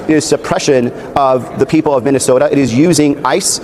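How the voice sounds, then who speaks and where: A man's voice: mid-range voice, brisk, darkish tone. A male senator answering interview questions earnestly, with filler uhs and restarts, recorded outdoors. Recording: interview clip with crowd noise behind.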